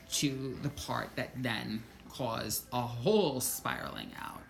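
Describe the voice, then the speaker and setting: A woman with a strikingly low voice tells her own story straight to camera. She talks in an animated way, curses without a second thought and acts out her own inner thoughts. Soft music plays faintly behind her. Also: gravelly. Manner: animated, swears freely, quotes thoughts aloud. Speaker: vlogger. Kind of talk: personal storytelling monologue.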